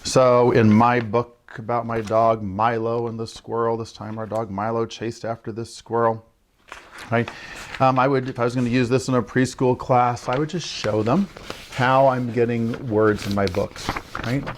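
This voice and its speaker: Male early childhood educator, mid-pitched, steady explainer, keeps checking in with listeners. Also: normal speed, slight background noise. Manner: explains with frequent "right?" check-ins and modeled child-directed lines. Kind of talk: instructional talk to parents.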